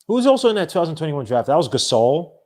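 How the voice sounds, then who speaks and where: A man hosting a sports podcast, ranting in a rambling, animated way with many restarts. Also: fairly high pitch, racing. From not from the American South. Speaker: podcast host. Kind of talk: casual solo sports talk.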